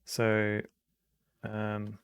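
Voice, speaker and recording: A man's voice: lowish voice, completely flat delivery, extremely slow, clean tone, no room sound. A man streaming a computer game, thinking aloud hesitantly and reading the game's text out. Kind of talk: casual gameplay commentary.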